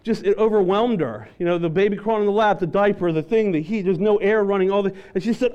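A male pastor telling an animated, self-deprecating story during a sermon. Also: sits high, quick pace, hardly any pauses, smooth.

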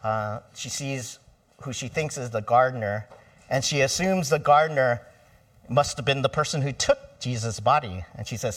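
A man's voice: mid-range voice, moderate pace, a bit bright, distant mic. A middle-aged man preaching a sermon in a church, conversational and asking the congregation for responses. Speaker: pastor.

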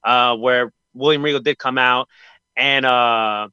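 A man hosting a casual wrestling podcast, talking in an animated way that swings between hyped and disgruntled. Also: mid-range voice, measured pace, clean tone, dry recording, muffled recording. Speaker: podcast host.

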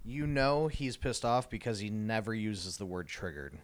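A man co-hosting a casual podcast chat, reacting with quick interjections, swears and laughter. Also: fairly low pitch, lively intonation, dry recording. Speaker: podcast co-host.

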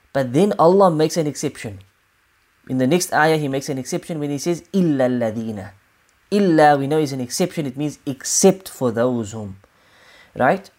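A woman giving a religious lesson, explaining scripture in a measured way and repeating key points for emphasis. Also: deep voice, a little mellow. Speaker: Quran teacher.

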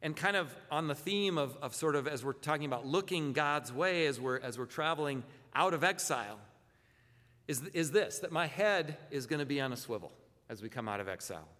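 Conversational pastor preaching in a hall. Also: male voice, fairly high pitch, lively intonation, moderate pace, a bit bright. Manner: conversational, self-correcting, asks rhetorical questions. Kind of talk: sermon.

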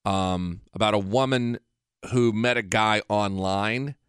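Taking it slowly, a male radio host rambles through a loose, profane monologue in a fairly low, smooth, slightly bright voice. The recording is dry and close, made on a radio studio mic.

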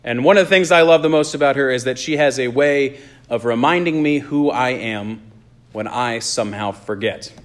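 A man, a pastor, delivering an earnest sermon and telling a personal story, slowing down on key phrases. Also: medium pitch. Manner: earnest storytelling, slows for emphasis.

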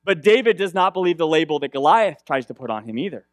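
A young man preaches in a loose, conversational way, constantly tagging his points with a questioning "right?". His voice sits high for a man. The sound is close and dry. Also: sing-song, quick pace, no room sound. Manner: conversational, repeats "right?" often. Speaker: pastor. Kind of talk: sermon.

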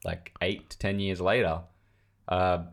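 A man's voice: deep voice, flat delivery, a little slow, gravelly. A man hosting a casual film chat, steering the topic and reading facts aloud. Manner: leads the talk, reads facts aloud.

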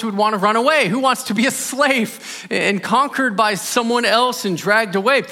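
A male pastor delivers a sermon in a chatty, storytelling way, pushing harder on his key points. His voice sits high and sounds bright. The sound carries a long echo from the church hall around him. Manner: conversational storytelling preaching, rising with emphasis.

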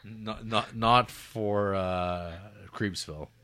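A podcast co-host reads out trivia and adds dry jokes in a relaxed, casual chat. His voice sits a little low for a man. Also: slow pace. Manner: reads facts aloud with dry humor.

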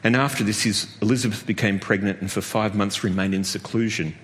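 A man preaching a sermon, animated, jumping to high exclamations and laughing at his own jokes. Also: brisk, long reverb tail. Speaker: pastor.

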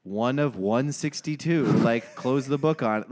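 A young man hosting a podcast, chatting casually about sports with a profane, rambling, animated way of telling stories. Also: mid-range voice, unhurried. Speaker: podcast host.

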